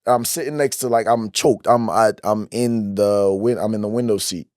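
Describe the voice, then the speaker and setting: A podcast host from Ghana telling stories in casual chat, slangy and animated, acting out the voices of the people in them. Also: male voice, on the low side, moderate pace, no room sound, studio quality. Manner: animated storyteller, slangy, acts out quotes.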